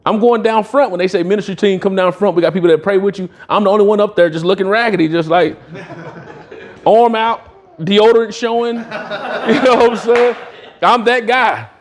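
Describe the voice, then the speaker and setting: A man's voice: high voice, normal speed. A middle-aged man giving a motivational talk, telling stories in a casual, slangy way and acting out the dialogue. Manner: animated, acts out dialogue in other voices. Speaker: motivational speaker. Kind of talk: storytelling speech at a sales retreat.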